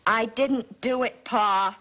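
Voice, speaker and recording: Frightened young girl, tearful and pleading, bright high voice; 1950s TV drama. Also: takes it slowly. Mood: desperate. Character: frightened young girl accused of starting fires. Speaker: daughter.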